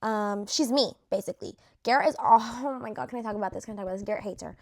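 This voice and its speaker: A woman's voice: mid-range voice, fast, gravelly. A young woman vlogging in casual chat, gushing and chatty, leaning on "like" and dropping swear words, her voice a little worn. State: losing her voice. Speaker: vlogger ranking reality show cast.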